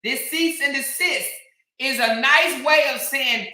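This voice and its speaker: A woman's voice: sits high, expressive, measured pace, pushed and bright. An American woman hosting a casual commentary vlog, sassy and emphatic, speaking straight to the people she talks about. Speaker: commentary vlogger host. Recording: echoey room.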